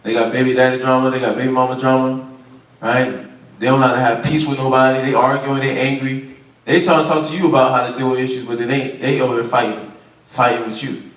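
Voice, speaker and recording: A man's voice: medium pitch, little pitch movement, quick pace. A man leading a Sabbath Bible study, talking casually and quizzing the group. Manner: casual, questioning the group, informal speech. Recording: echoey room, far from mic.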